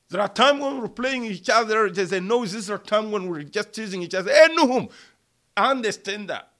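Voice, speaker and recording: Preaching in a slow, measured way, a middle-aged man repeats key words to drive points home and speaks to listeners as brother and sister. His voice is high and a bit bright.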